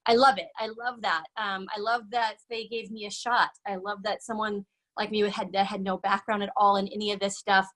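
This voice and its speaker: A woman's voice: mid-range voice, flat delivery, a little fast, a bit bright. A woman hosting an online event, talking casually and upbeat to her audience with many fillers. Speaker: event host.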